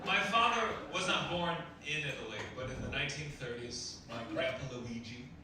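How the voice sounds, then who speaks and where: A young man doing a stand-up comedy set on a club stage, talking in a quick deadpan way that jumps to sudden loud punchlines. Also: medium pitch. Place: comedy club stage before a laughing audience. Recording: echoey club recording from far off, loud noise.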